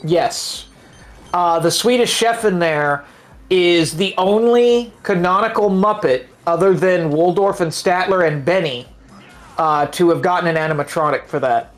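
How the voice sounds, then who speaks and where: A man's voice: high-pitched, measured pace, faint music behind. A man co-hosting a game stream in casual chat, telling trivia and swearing freely. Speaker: stream co-host.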